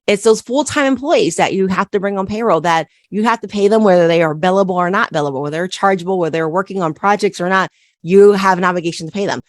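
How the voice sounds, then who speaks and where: A woman's voice: mid-range voice, fast talker, no room sound, studio quality. A woman accountant hosting a solo business podcast, coaching listeners and repeating key questions with frequent "right?" checks.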